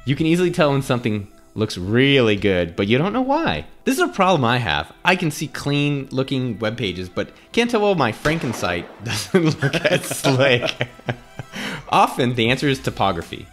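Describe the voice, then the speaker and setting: A man's voice: mid-range voice, huge pitch swings, normal speed, fairly bright tone, soft background music. A man reading old ad copy aloud with theatrical flair, often breaking into laughter as he goes. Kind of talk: dramatic read-aloud with laughter.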